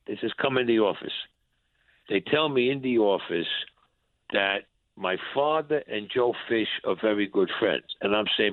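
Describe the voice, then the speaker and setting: A man's voice: fairly quick, dry recording. A New man recounts an old story, animating every line of remembered dialogue. His voice comes through a tinny phone line, close and dry with no room sound. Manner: animated storyteller who acts out dialogue with rising pitch. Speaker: interview guest.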